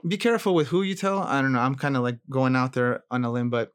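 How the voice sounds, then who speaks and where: Podcast guest: a man from Maryland in mid-range pitch, earnest and rambling, restarting sentences. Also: fast talker, smooth. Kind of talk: casual interview chat.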